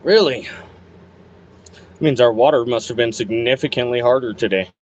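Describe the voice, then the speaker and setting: At a medium pitch and moderate pace, a man running a plant-growing channel talks casually as he mixes nutrients in a grow room, musing aloud and cursing at himself. The recording is dull and lo-fi, with faint noise in the background.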